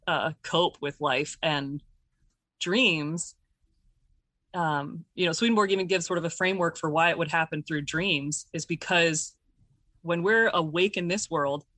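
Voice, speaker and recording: A woman answering interview questions in a thoughtful, searching way, pausing often with fillers and restarting her sentences as she explains ideas. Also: deep voice, fairly bright tone, no room sound. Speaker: interview guest. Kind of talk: reflective conversational explanation.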